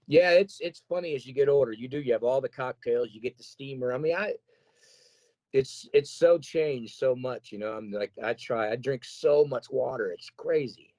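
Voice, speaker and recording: A man who sings metal, chatting casually in an interview, rambling and animated as he tells stories about touring and keeping his voice in shape. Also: mid-range voice, moderate pace, no room sound, low-quality recording. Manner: rambling, animated storytelling with quoted asides. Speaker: metal singer guest.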